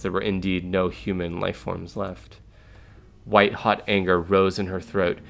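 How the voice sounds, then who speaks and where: A man reviewing a story game, narrating its text aloud in an even, plain way. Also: low-pitched.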